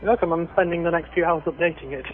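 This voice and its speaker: A man's voice: a little high, steady tone, quick pace, faint music behind. A man from England with an English accent calling in to a radio show, cheerful and polite. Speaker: caller. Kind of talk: phone call. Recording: dull radio line.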